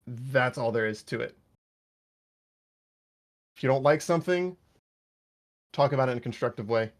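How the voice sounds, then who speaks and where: A man's voice: medium pitch, expressive, normal speed. A man on unit staff giving a stern after-action debrief over voice chat. He scolds bluntly and swears.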